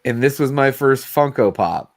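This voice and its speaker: A man's voice: mid-range voice, normal speed. A man hosting a casual late-night chat, telling loose stories and acting out the quotes in them. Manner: loose, animated storytelling with acted-out quotes. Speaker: host.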